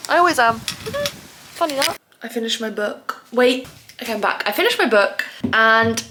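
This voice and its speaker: A woman's voice: on the high side, sing-song, moderate pace, noisy background. A young woman vlogging casually on holiday, self-mocking and swearing freely, sometimes dropping to a near-whisper. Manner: often drops to a soft near-whisper. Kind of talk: casual vlog chat to camera. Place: holiday terrace outdoors in a breeze.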